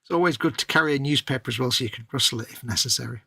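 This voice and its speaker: A man's voice: mid-range voice, racing, creaky, bright, forceful tone, breathy edge, no room sound. A man co-hosting a casual live stream who teases his co-host with dry banter. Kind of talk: casual chat.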